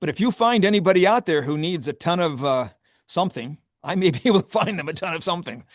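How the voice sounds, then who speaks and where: A man's voice: sits high, lively intonation, fast, no echo, studio quality. A man who owns a vineyard, talking candidly and with wry humor in a casual interview, often laughing. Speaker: vineyard owner and grape grower.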